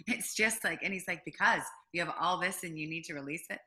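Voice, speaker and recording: A woman's voice: on the low side, quick pace. A middle-aged woman, a business owner guest in an interview, telling a personal story with lots of fillers and acted-out quotes. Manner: animated storyteller, acts out quotes, frequent fillers.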